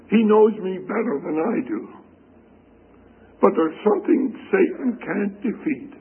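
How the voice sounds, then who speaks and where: A man preaching a sermon, reading scripture slowly and deliberately, heard over a tinny radio broadcast. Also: high voice, breathy edge.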